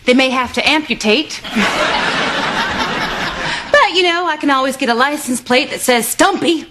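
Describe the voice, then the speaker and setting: A woman's voice: high voice, normal speed, very noisy, close to an everyday voice. An actress playing a bubbly, oblivious woman with a chirpy, giggly delivery on a sitcom stage. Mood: cheerful. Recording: sitcom stage with audience laughter.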